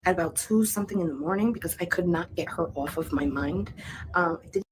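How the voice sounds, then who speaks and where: A woman running a spirit box session, talking to camera in a halting, soft-spoken, earnest way with frequent hesitations. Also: lowish voice, slight background noise. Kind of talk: casual talk to camera.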